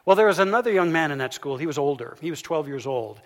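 A man giving a sermon, telling a story as he swings from loud, emphatic peaks down to soft, hushed lines. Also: on the high side, animated, fast. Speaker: pastor. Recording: long hall reverb.

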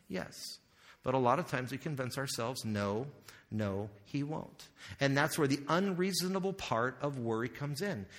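A man's voice: fairly high pitch, a bit bright. A male pastor preaching a sermon in a conversational way, asking the audience questions and making joking asides. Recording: long hall reverb.

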